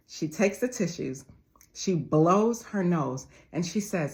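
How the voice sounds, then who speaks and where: Low-voiced woman in her forties, motivating. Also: lively intonation, a little slow. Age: 40s. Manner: emphatic, repetitive, addresses viewers as family. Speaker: motivational speaker. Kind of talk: motivational monologue.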